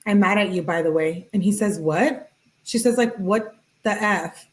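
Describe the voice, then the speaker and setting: On her true-crime channel, a woman with a fairly low voice reads text messages aloud at normal speed, flat and casual, tagging them with "she says, he says" and tossing in chatty asides. The recording is rough.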